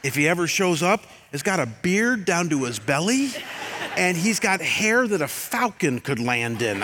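Animated older pastor in a big hall. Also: male voice, a little high, measured pace, background noise. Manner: storytelling, self-deprecating humor, animated swings in loudness. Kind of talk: sermon. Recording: long hall reverb.

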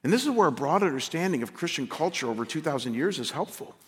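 Impassioned pastor preaching in a big hall. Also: male voice, a little high, big pitch swings, fast. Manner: impassioned, rising to near-shouting peaks then dropping quiet. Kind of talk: sermon. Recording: long reverb of a large hall.

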